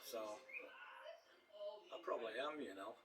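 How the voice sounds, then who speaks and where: A man's voice: on the low side, unhurried, over a noisy crowd. A middle-aged man chatting casually to camera about his home cooking, rambling and cracking dad jokes while he chews. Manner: eating and chewing while talking. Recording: voice a little distant from the mic.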